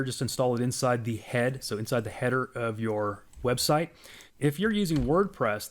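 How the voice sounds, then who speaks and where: A man giving a casual, explanatory walkthrough of a software product on screen. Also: mid-range voice. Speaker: software demo presenter.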